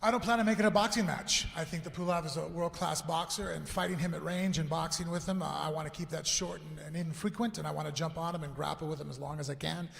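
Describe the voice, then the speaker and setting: Gravelly fast-talking fighter. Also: male voice, on the high side, steady tone. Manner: earnest, halting, explains strategy. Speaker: MMA fighter. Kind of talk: press conference answer. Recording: reverberant hall.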